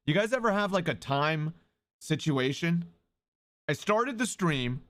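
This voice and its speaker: A man live-streaming who talks loudly and excitably, swearing and greeting viewers in chat. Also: fairly high pitch, a little slow.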